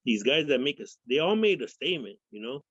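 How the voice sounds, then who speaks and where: A man's voice: medium pitch, big pitch swings, fairly quick, fairly bright tone, husky, no room sound. Profane storytelling man from Fresno. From Fresno, California. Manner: profane, rambling, acts out quoted voices. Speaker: interview guest. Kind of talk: casual storytelling interview. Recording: dull lo-fi sound.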